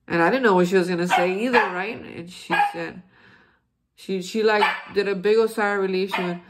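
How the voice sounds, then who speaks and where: A man's voice: high voice, steady tone, brisk. A man hosting a daily recovery reflection, speaking in an earnest, encouraging way with frequent restarts. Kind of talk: heartfelt spiritual recovery talk.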